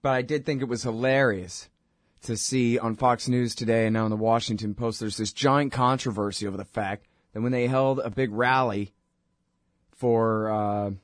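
A man's voice: medium pitch, fairly even intonation, normal speed, dry recording, clean studio sound. A man in his forties hosting a talk show, delivering heated, sarcastic political commentary. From United States. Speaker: podcast host.

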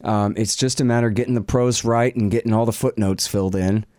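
A man hosting a casual question-and-answer podcast from his home office. His voice sits on the low side and he talks in a loose, rambling, self-deprecating way. The sound is close and dry. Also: steady tone, fairly quick, a little mellow, no echo. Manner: rambling, profane, self-deprecating, lots of fillers. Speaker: podcast host. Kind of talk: casual Q and A chat.

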